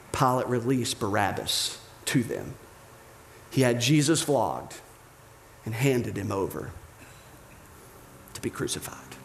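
A man preaching a sermon as dramatic storytelling, slowing down and dropping almost to a whisper. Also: medium pitch. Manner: dramatic storytelling, slows and drops to near whispers. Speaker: pastor.

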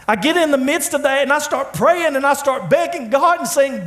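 A man preaching a sermon in a church, with dramatic pauses, swinging from loud, pleading lines to hushed ones. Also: very high-pitched, lively intonation. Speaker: pastor. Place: church sanctuary.

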